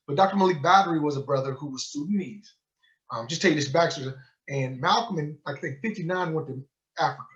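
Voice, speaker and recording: A man giving a book club talk as a sheikh, telling a story with energy and acting out quoted dialogue. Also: fairly high pitch. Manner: animated storyteller who acts out quoted dialogue. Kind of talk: storytelling lecture. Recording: muffled lo-fi recording.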